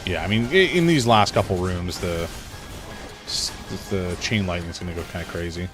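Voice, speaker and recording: A man streaming a video game, chatting and joking as he thinks out loud about his choices. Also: deep voice, moderate pace, over music. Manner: chatty, joking, thinks aloud while playing. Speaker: gaming streamer. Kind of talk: casual live gameplay commentary.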